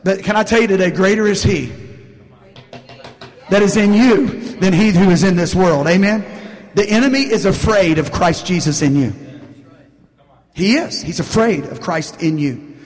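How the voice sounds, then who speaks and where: A man preaching a sermon in an animated way, calling out to the congregation for responses, recorded in a church. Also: high-pitched. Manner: animated, call-and-response preaching with frequent "Amen?". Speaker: pastor. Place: church sanctuary. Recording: long reverb of a church hall.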